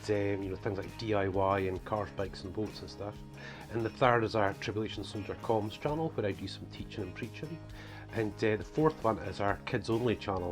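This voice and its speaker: A man from northeast Scotland with a toned-down Scottish accent, an author and preacher talking casually to camera, rambling with lots of "you know" and "guys". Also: lowish voice. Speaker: author and preacher presenting his book series.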